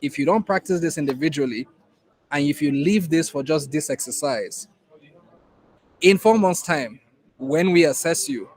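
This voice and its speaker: A man's voice: on the high side, moderate pace, long pauses, darkish tone, poor audio. A man with a Nigerian accent teaching a class in an emphatic way, repeating key points to drive them home. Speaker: innovation program instructor. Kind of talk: classroom lecture.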